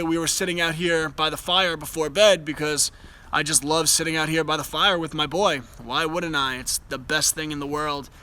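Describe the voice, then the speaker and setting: A man's voice: a little high, pushed and bright, low-quality recording. A young man speaking live from outdoors by a fire, earnest and enthusiastic, often restarting his sentences. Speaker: host. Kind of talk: casual live chat.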